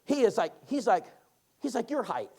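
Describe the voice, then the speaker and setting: A man teaching a Bible class, telling stories in a folksy, animated way. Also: very high-pitched, moderate pace, creaky. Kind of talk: lively classroom storytelling.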